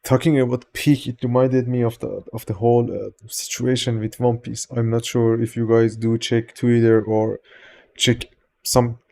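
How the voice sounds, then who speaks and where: Greeting each viewer by name, a man whose first language is Farsi hangs out on a live stream, joking around and casually cursing in a Persian accent. His voice is warm, mellow, and gravelly, pitched naturally in the mid-range.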